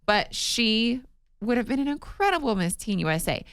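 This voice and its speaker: Excitable young woman from nevada chatting on her podcast, talks fast. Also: fairly high pitch. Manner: excited, quick-talking, laughs often. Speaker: podcast host. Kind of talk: casual chat.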